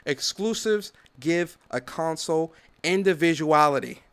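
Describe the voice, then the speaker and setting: A high-pitched man hosts a podcast alone, ranting with lots of swings in his voice. He swears freely and acts out the people in his stories. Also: lively intonation, a little slow, smooth. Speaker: podcast host. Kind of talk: opinionated solo commentary.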